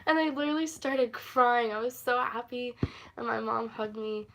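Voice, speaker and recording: A woman's voice: fairly high pitch, moderate pace, gravelly, fairly bright tone. A woman chatting through a casual story-time livestream, rambling and giggling, with lots of fillers. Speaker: livestream host.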